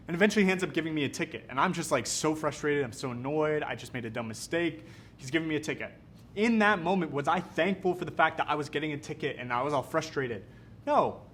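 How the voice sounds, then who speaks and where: Young male youth pastor from Canada, casual energetic sermon delivery, mid-high voice, light background rumble. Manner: energetic, casual, conversational preaching.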